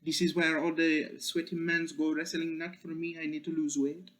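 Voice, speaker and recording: Guy putting on a confused tourist dude, higher voice, stumbling over words. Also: level tone, a bit bright, lightly acted. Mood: earnest, muddled. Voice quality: mock foreign accent, halting broken phrasing. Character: bumbling male foreign tourist, confused.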